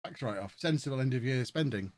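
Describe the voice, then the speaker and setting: A man's voice: mid-range voice, animated, fast, a little mellow, dry recording. An English man casually chatting on a live stream, joking with people in the room and laughing often, with close desk-mic sound. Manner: jokey, laughs a lot, talks to the room and to the chat.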